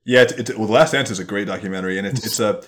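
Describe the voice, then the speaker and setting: A young adult man hosting a podcast. He muses reflectively and rambles with restarts, and he drops into quick put-on voices. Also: on the low side, fairly bright tone. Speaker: podcast host. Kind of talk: casual chat.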